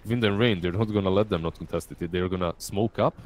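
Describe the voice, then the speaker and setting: Man, esports color commentator, lower pitch, repeats words at the start of sentences. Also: fast, darkish tone, a little hiss or hum. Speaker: esports analyst.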